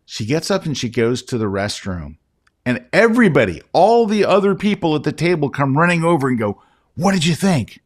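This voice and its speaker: A man's voice: fairly high pitch, sing-song, a little fast. A man who is a guest photography educator, telling an anecdote in a casual interview and often addressing the host by name.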